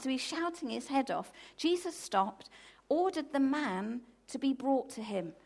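Storytelling woman preacher, high-ish voice. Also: unhurried, gravelly. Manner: storytelling, lively, swings to loud emphatic bursts. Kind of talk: sermon.

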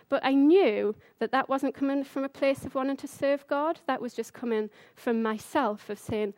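A young woman gives a sermon like she's chatting with friends. Her voice sits high and lively with enthusiasm. The sound is dry and close, with no room echo. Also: moderate pace, hardly any pauses. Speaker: speaker giving a church talk. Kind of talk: sermon with personal story.

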